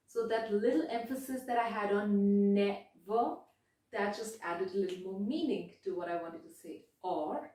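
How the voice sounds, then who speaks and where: A woman speaking coach giving a measured, deliberate video lesson, stressing key words. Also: medium pitch, lively intonation, darkish tone. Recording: very echoey room, voice from far off.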